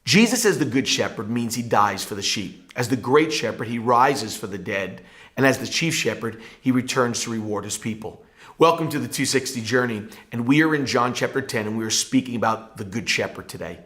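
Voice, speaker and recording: A man's voice: medium pitch, lively intonation, brisk, a bit bright. A male pastor giving a devotional Bible teaching in an earnest, emphatic preaching manner.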